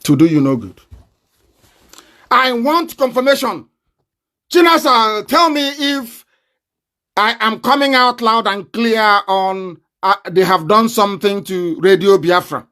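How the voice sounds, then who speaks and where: A man's voice: sits high, a bit bright. A man with a Nigerian accent, speaking in a fiery, confrontational live online broadcast and breaking into mocking laughter. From southeastern Nigeria.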